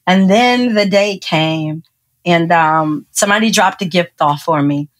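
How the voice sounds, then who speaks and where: A woman guest on a podcast, recounting her own story in relaxed conversation, laughing often and acting out the people she quotes. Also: lowish voice, unhurried.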